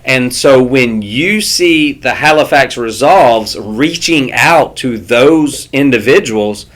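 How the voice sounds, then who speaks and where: A man's voice: mid-range voice, lively intonation, slow pace, fairly bright tone. A man co-hosting a casual history podcast, chatty and playful, thinking aloud as he talks. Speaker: podcast co-host.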